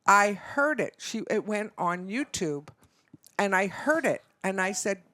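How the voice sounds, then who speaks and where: An older woman, a grandmother, chatting as a podcast guest and telling stories with lively acted-out dialogue. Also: mid-range voice, measured pace. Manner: animated storyteller acting out both sides of conversations. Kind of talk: casual chat and storytelling.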